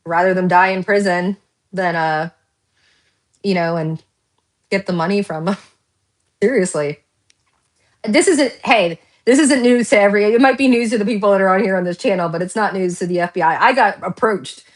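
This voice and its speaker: A woman giving a casual pick-a-card tarot reading, rambling and excitable, laughing often and drifting into tangents. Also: medium pitch, moderate pace, long pauses.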